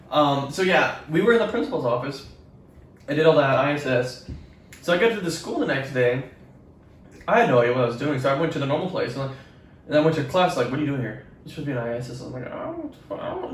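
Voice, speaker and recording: Animated, profane young man, echoey room. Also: fairly high pitch, fast, recorded from a distance, a little hiss or hum. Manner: rambling, profane, animated retelling. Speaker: podcast co-host. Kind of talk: casual storytelling chat.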